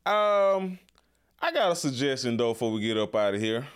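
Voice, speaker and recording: A young man hosts a podcast in loose, joking talk, full of slang and repeated phrases. His pitch swings a lot, and his tone stays smooth and resonant throughout. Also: very animated, moderate pace. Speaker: podcast host. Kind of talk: casual chat.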